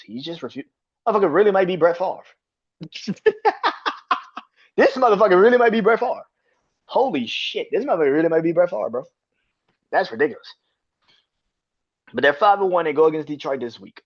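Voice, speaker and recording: A man hosting a casual sports podcast, swearing freely and laughing between rapid opinions. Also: a little high, husky. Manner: profane, animated, laughs often. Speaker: podcast host. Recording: dull lo-fi sound.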